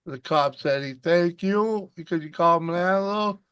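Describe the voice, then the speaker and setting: A man's voice: high voice, moderate pace, fairly bright tone, clear, resonant tone. A man hosting a casual video call chat, rambling through a profane story and laughing often. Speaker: host.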